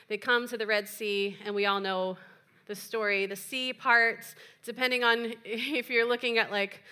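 A woman's voice: on the high side, fairly even intonation, a little slow, pushed and bright, clear, resonant tone. A woman pastor preaching a sermon in a chatty, playful way with joking asides. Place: church.

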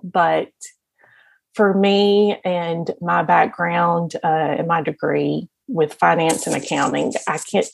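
Woman, interview guest, slow delivery, dry close sound, rambling with fillers. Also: deep voice, creaky, no echo. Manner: laughs often while talking; rambling, with many fillers and restarts. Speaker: podcast guest. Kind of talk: casual interview storytelling.

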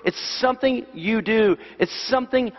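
Man, pastor, sermon, fairly high voice, long church reverb, dull sound. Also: normal speed. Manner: animated, repeats key phrases for emphasis. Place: church sanctuary.

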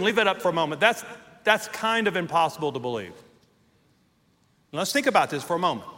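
Middle-aged male pastor, high voice, emphatic sermon delivery, big church reverb. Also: big pitch swings. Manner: emphatic preaching, drawn-out stressed words, rising to shouts. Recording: long hall reverb in a church.

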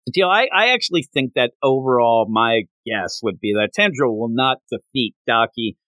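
A man co-hosting a podcast in a casual talk about a manga chapter, retelling scenes with lively jumps in his voice. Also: fairly quick, no room sound. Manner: animated retelling with big pitch jumps. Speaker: podcast co-host.

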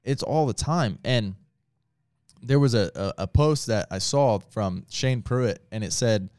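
A man's voice: medium pitch, unhurried, darkish tone, no room sound, studio quality. A man who is a pastor, talking casually and earnestly with lots of filler words. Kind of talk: casual podcast talk.

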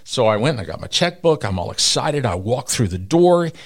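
A man's voice: brisk, husky. A middle-aged man from Texas, telling stories as an interview guest and acting out the people he quotes. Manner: animated storyteller who acts out quoted people with big pitch jumps. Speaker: radio personality, interview guest. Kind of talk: storytelling in an interview.

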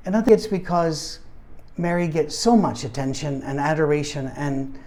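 Older guy preaching like he's just chatting, bit high voice, jokes on himself, does the quoted voices. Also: fairly even intonation, moderate pace, darkish tone. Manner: storytelling, self-deprecating, acts out quoted voices. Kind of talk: conversational sermon with personal story.

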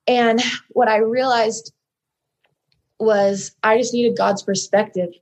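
A woman's voice: on the high side, steady tone, takes it slowly, a little mellow. Young woman guest with a slightly raised voice, candidly recounting a personal story in a loose, rambling way. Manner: earnest, rambling, heavy use of "like" and "so". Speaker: podcast guest.

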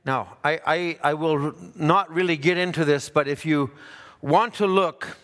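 A man preaching a sermon, dropping low for asides and rising loud for emphasis. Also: unhurried. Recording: hall reverb.

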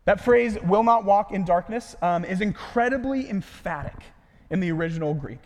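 A man preaching a sermon, earnest and emphatic, often dropping to a hushed voice at the ends of phrases. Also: high-pitched, lively intonation, moderate pace. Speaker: pastor. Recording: long hall reverb.

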